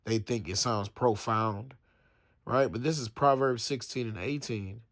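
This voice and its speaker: A man leading a casual Bible study, reading old-fashioned scripture and then retelling it in loose everyday slang. His voice sits at an ordinary middle pitch. He often restarts his sentences and thinks out loud as he goes. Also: unhurried. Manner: reads scripture then explains it in casual slang, acting out the people in the story; stumbles and restarts, thinks aloud while checking facts. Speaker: Bible teacher.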